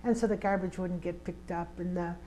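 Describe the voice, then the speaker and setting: A woman's voice: fairly low pitch, steady tone, a little fast, mellow, slight background noise, rough recording. Older woman telling a vivid story. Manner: vivid, emphatic storyteller who acts out scenes. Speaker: community organizer and trainer. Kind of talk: personal storytelling in an interview.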